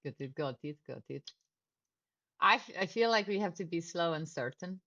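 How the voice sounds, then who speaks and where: A woman playing a tabletop role-playing game, playful and theatrical, quick to laugh while she talks. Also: lowish voice, lively intonation, sharp tone, dull audio. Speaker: player. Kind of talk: tabletop role-play, partly in character.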